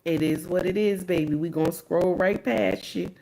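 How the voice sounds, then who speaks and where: A woman's voice: lowish voice, steady tone, moderate pace, creaky, dark tone, slight background noise. A woman hosting a livestream, reacting to clips in sassy, preachy casual commentary and repeating lines for emphasis.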